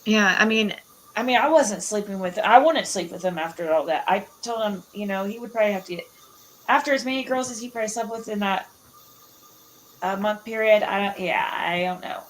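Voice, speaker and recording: A woman's voice: mid-range voice, brisk, a bit bright, a little hiss or hum, low-quality recording. Hesitant, rambling woman in casual chat.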